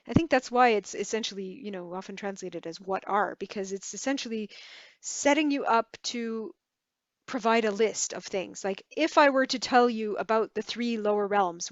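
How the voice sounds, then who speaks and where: A woman teaching a Tibetan lesson, halting and correcting herself as she spells words out syllable by syllable. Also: medium pitch, no room sound, highs cut off. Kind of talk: relaxed online language lesson.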